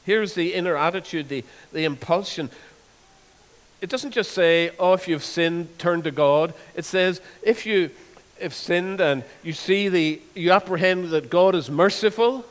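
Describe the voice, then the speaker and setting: A man preaching a sermon, earnest, repeating words and slowing down to stress scripture. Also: high voice. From Northern Ireland. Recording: long hall reverb.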